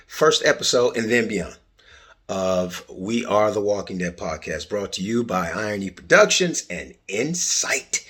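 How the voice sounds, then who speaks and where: A man's voice: on the low side, measured pace, breathy edge. A middle-aged man hosting his own podcast, talking casually in a playful, joking way. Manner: playful, jokey and expressive. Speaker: podcast host. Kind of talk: casual monologue.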